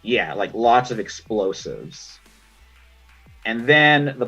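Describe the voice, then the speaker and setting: Husky-voiced male game master. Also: lowish voice. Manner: relaxed, with slow descriptive narration. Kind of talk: narrating a tabletop game. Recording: dull lo-fi sound with faint music.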